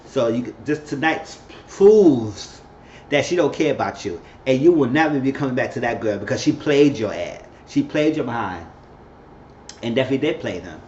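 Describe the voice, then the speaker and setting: A man giving an animated, chatty recap of a TV episode, with quick asides. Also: medium pitch. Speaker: TV show reviewer. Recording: echoey, dull-sounding room with faint hiss.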